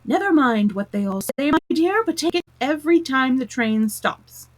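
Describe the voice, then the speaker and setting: A woman voicing a prim old gentleman who speaks slowly and fussily. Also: high voice, expressive, pitched above the performer's own voice.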